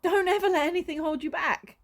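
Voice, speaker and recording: Passionate high-voiced woman vlogging. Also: brisk. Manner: passionate, emotional, laughs often, swears. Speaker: spiritual coach and vlogger. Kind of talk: casual vlog talk to camera.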